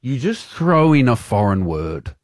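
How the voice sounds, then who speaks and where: A man chatting casually as a podcast co-host, his pitch swinging widely as he explains his gripes. He sounds animated and playful. The recording is dry and close. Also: measured pace, no echo. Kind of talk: casual chat.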